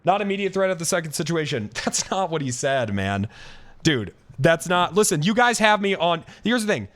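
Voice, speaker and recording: A man streaming live, venting at his chat in a heated, profane rant. He restarts his sentences and repeats himself. His voice sits a bit high and leaps up and down. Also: sing-song, moderate pace, fairly bright tone.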